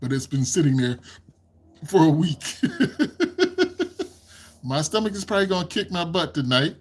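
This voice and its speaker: Man, livestream host, husky, lively up-and-down delivery, giggly and rambling. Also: on the high side, normal speed. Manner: giggly, laughs often between sentences; rambling, repeats himself. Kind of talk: casual livestream chat with viewers. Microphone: desk microphone.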